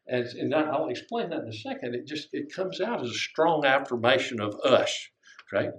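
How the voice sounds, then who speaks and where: A man's voice: mid-range voice, expressive, moderate pace, a bit bright. Grandfatherly preacher in an echoey church. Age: older. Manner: conversational, asks the congregation questions. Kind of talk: sermon. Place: church sanctuary. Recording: echoey room.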